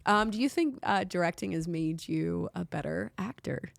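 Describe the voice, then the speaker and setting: A woman host in casual chat, telling stories in an animated way and acting out quotes in voices. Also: fairly low pitch, normal speed, vocal fry, no room sound. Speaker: interview host.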